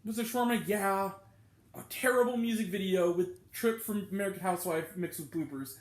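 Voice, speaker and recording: Young male film reviewer, high voice, worked-up ranting delivery, echoey room. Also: fairly quick. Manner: exasperated, ranting. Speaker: movie reviewer.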